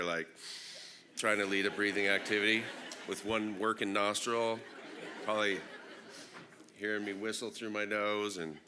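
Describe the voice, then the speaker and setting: A man from Northern California, congested with a plugged-up nose, giving an unhurried, reflective opening talk at a conference with many ums. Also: lowish voice, background noise. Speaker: invited opening speaker. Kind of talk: personal address at a conference plenary.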